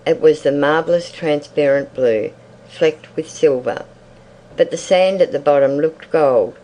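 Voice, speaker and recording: A reader narrating a literary short story in a measured, even audiobook style. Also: medium pitch, slight background noise, rough recording.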